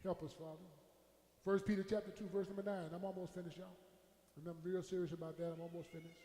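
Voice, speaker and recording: Man, pastor, very high voice, preaching and shouting in a reverberant church hall. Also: flat delivery, quick pace. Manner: preaching with shouts and call-and-response, drops to a low aside. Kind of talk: sermon. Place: church sanctuary. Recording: echoey hall with long reverb.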